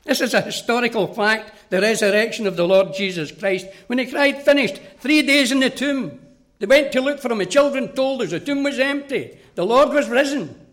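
A high-pitched man preaches a sermon. He is earnest and direct and speaks straight to the children listening. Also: normal speed, a bit bright.

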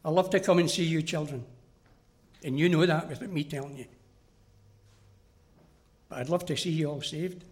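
Man, preacher, high voice, earnest, direct sermon. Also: a bit bright. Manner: earnest, direct, addresses children.

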